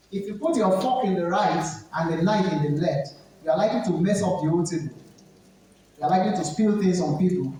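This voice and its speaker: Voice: mid-range voice, warm tone, a little hiss or hum. A speaker with a Nigerian accent giving an emphatic, instructive seminar talk to students, repeating key points. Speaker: etiquette trainer. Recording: echoey hall, speaker far from mic.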